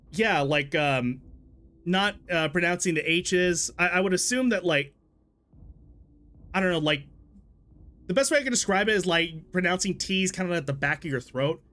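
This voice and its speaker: A man's voice: on the high side, a bit bright. A man streaming a story game, rambling casually, swearing freely and laughing at himself. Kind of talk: casual let's-play commentary.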